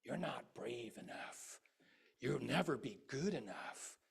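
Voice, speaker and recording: Gruff, husky bandits call out slowly and jeeringly from the near shore, acted by a man telling a parable. Their words drag with a taunting edge. It is a sermon story voice, not a full character performance. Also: mid-range voice, animated, heavily acted.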